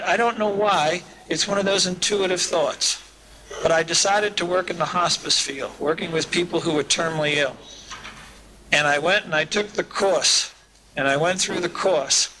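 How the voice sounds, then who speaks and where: A man giving a talk at a recovery meeting, telling humorous stories in a folksy way. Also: high-pitched. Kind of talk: storytelling talk to an audience. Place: live talk at a summer event. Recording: hissy old cassette tape.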